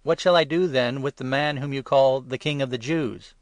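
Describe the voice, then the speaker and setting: A man's voice: medium pitch, fairly even intonation, moderate pace, no echo, pitched above the performer's own voice, close to an everyday voice. A man voicing an exasperated Roman governor. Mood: pleading. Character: exasperated male Roman governor questioning crowd.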